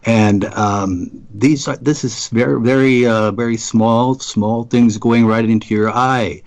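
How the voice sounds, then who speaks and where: A man co-hosting a radio talk show, halting with restarts, then reading out science notes. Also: medium pitch, fairly even intonation, a little mellow.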